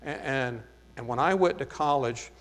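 With a medium-pitched voice and moderate pace, a lightly accented Southern US man leads a Bible study, reading passages before explaining them and often saying "uh, there." The sound carries the long reverb of a hall.

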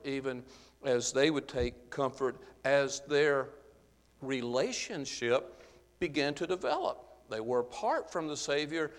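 A man preaching a Bible-teaching sermon, earnest and explanatory, often pausing on "uh" as he works through the passage. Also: fairly high pitch. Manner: earnest, explanatory, with frequent "uh" fillers. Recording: long reverb of a large hall.

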